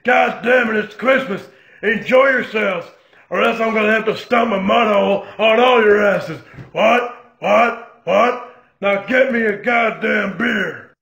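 A man impersonating a rowdy male wrestler, gravelly and barking curses. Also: high-pitched, measured pace, echoey room, heavily acted. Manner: barking, cursing, shouting. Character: gruff rowdy male wrestler, beer-demanding.

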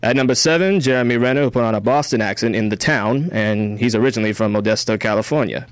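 Smooth-voiced young man co-hosting radio. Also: medium pitch, fast talker, dry recording. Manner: easygoing, filler-heavy. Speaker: radio co-host. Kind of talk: casual film review and countdown. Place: radio studio. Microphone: studio microphone.

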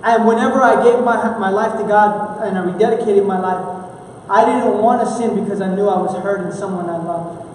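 A pastor from Houston, Texas preaches in church with a high-sitting, slightly mellow voice, talking a little fast over slight background noise. His earnest, conversational sermon often has restarted sentences, and the mic sits far off in an echoey church hall.

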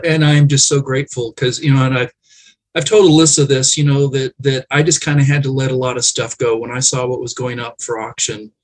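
A man's voice: mid-range voice, slight background noise, poor audio. A man, a guest on an interview show, telling reflective and emotional family stories in a conversational way.

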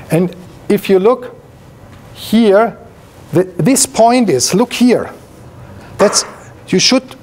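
A man's voice: sits high, darkish tone. A male professor giving an academic seminar lecture, explaining while pointing at slides, with frequent fillers and restarts.

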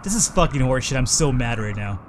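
A man's voice: medium pitch, lively intonation, fast, background noise. A man hosting a let's play, talking through his choices in casual gameplay commentary and swearing freely when things go wrong. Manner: thinks aloud, swears freely when frustrated.

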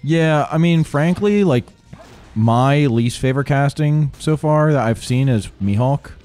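A man's voice: a little high, a little slow, darkish tone, faint music behind. A young man co-hosting a let's play, playing a game and joking around in casual, profane chat. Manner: jokey, profane, playful asides. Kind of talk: casual gaming commentary.

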